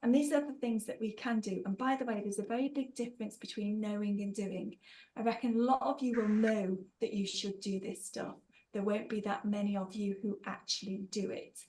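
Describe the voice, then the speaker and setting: A woman's voice: mid-range voice, fairly even intonation, a little fast, warm tone, poor audio. A woman running a live online training session, upbeat and encouraging, calling out participants by name over a video call. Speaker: workshop trainer.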